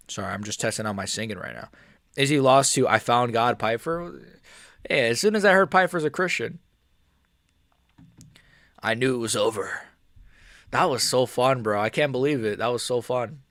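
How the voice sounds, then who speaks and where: A man hosting a casual livestream, reading chat aloud and talking in a relaxed, rambling way with many fillers and restarts. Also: mid-range voice, moderate pace, long pauses, no echo. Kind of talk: casual live-stream chat.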